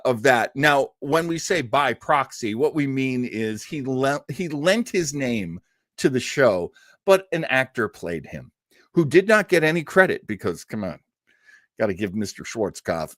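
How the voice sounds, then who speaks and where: A man's voice: medium pitch, a bit bright, dry recording, studio quality. A man from New England hosting a show, telling radio history in a chatty, digressive way with fillers and small laughs. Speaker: host. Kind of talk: casual storytelling commentary.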